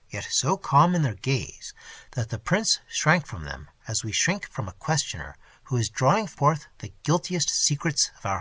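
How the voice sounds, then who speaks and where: A man narrates a classic novel with an expressive, dramatic delivery. His voice is bright and a little husky, and his pitch swings widely. The recording is close and completely dry. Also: no room sound. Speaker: audiobook narrator.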